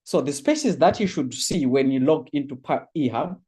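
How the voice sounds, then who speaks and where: A man's voice: mid-range voice, normal speed, slightly rough. A man running a live online course orientation, reading chat answers aloud with lots of laughs and exclamations. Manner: animated, reads chat aloud, laughs often.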